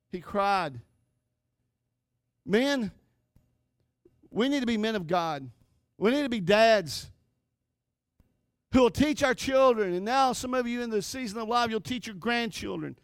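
High-voiced man preaching with passion. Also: no room sound, clean studio sound. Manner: impassioned preaching, rising and falling emphasis. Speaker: pastor. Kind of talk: sermon.

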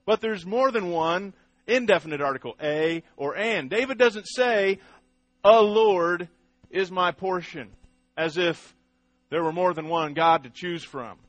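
Emphatic pastor, dry close sound. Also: male voice, fairly high pitch, animated, normal speed, fairly bright tone, dry recording. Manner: emphatic, asks the congregation questions, repeats words. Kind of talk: sermon teaching.

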